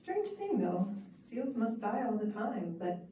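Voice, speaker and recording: A woman's voice: fairly high pitch, very animated, measured pace. Woman reading a novel, very echoey. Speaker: author reading her novel. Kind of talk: first-person fiction reading. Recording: echoey, distant, phone-like and hissy.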